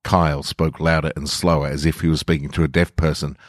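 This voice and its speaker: A man reading a story aloud in measured, deliberate scripted narration. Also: a bass voice, little pitch movement, no echo, studio quality.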